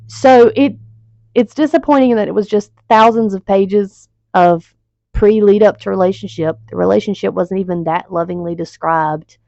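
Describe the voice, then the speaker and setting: A woman's voice: mid-range voice, normal speed, gravelly, warm tone, no room sound. A woman reviewing books in a casual vlog, rambling and exasperated, swearing freely. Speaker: book reviewer. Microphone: home video mic. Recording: dull lo-fi home mic.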